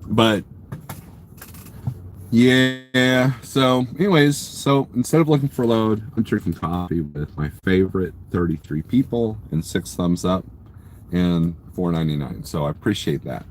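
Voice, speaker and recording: Trucker host for a live chat stream, male, lowish voice, rambling and jokey, faint vehicle hum behind. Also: unhurried. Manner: rambling, joking, teasing viewers. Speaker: trucker livestreamer. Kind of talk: casual live-stream chat, reading viewer comments. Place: inside his parked truck at a truck stop.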